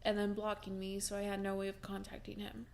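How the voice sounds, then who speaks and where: A woman's voice: medium pitch, monotone, a little fast, creaky, darkish tone. A young woman vlogging from home, telling a personal story in a casual, chatty way with many fillers and restarts, and breaking into laughs as she talks.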